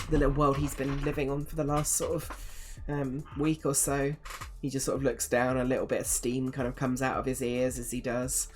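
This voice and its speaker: A woman narrating a tabletop fantasy game as game master, in a casual, hesitant way with many fillers. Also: rumbling low.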